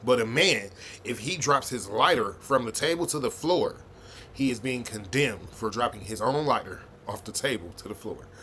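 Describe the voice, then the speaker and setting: A man's voice: mid-range voice, expressive, moderate pace, sharp tone, a little hiss or hum. A man hosting a reaction video, giving blunt, profane, heated commentary.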